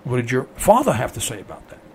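Talking fast at medium pitch, a radio talk host lets his voice swoop wildly as he rants through an indignant, opinionated monologue. He repeats himself and leans on rhetorical questions, and a little hiss or hum is audible.

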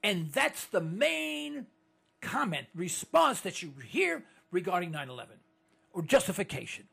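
An older man delivers an indignant, rambling monologue, stumbling and restarting his sentences as he goes. His voice sits high and leaps around a lot. It has a husky, gravelly texture. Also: very animated, unhurried, a bit bright. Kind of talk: monologue to listeners.

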